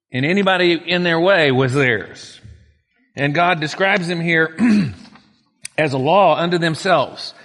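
A man delivers a sermon in a chatty, folksy way, moving between reading scripture and plain-spoken asides. His voice sits a little high for a man. The sound carries a long reverb, as if from a large hall. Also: a bit bright. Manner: conversational preaching, reads scripture with folksy asides. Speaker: pastor.

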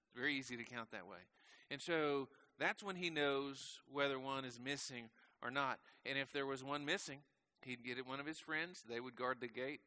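Pastor, male, mid-pitched and bright, chatty sermon delivery with soft, slowing phrase endings. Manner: conversational, asks the congregation questions; slows and drops softly at the ends of phrases.

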